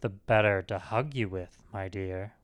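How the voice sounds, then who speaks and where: Male narrator voicing a sly storybook wolf, low hushed murmur, smooth tone. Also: unhurried, close to an everyday voice. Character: sly wicked male wolf feigning gentleness.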